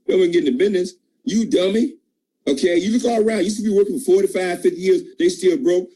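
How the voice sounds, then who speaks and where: An emphatic man delivers a preachy motivational pep talk to his sales team. His voice is dark and mellow, with a husky edge, and his pitch leaps high when he presses a point. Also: fast, rough recording. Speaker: team leader at a sales call.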